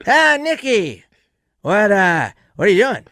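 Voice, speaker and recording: A man doing an impression of an older comedian friend, halting and vague with drawn-out "ah"s. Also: sits high, very animated, sharp tone, no echo, clean studio sound, voice pushed up, exaggerated voice. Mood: surprised. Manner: halting, distracted with "ah" and "uh".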